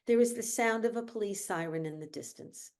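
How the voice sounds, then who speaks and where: A woman's voice: medium pitch, a little mellow. Woman reading screenplay stage directions. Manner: measured, descriptive. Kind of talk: screenplay table read. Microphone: video call.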